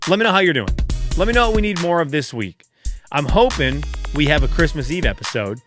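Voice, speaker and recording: A man's voice: a little high, expressive, fairly quick, music in the background. A man hosting a solo podcast, chatting casually in a rambling, self-deprecating way, fired up late at night. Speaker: podcast host.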